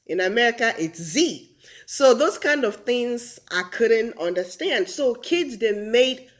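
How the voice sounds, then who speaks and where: A woman from Nigeria with a Nigerian accent, telling lively stories in a casual vlog and laughing often. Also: on the high side, a little slow. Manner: animated, laughs often, acts out quotes. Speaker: vlogger.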